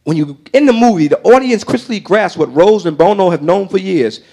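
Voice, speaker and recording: An older man preaching a sermon as pastor of his church, calling to the congregation and swinging between shouted bursts and quieter asides. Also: sits high, lively intonation, brisk. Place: church sanctuary.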